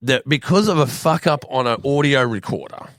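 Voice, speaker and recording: An Australian man from Western Sydney, a podcast guest, telling animated, swearing stories in casual chat. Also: medium pitch, normal speed, dry recording, clean studio sound. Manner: animated storyteller, swears freely.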